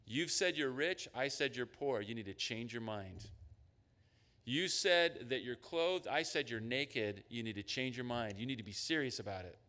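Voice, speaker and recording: Animated man preaching in a reverberant church. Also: mid-range voice, moderate pace. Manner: animated, acts out voices of God and listeners. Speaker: pastor. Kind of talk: sermon. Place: church sanctuary.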